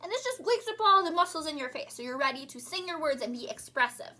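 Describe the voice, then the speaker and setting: A woman voice teacher leading a recorded singing lesson, cheerful and encouraging, singing short warm-up demonstrations. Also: sits high, lively intonation, quick pace.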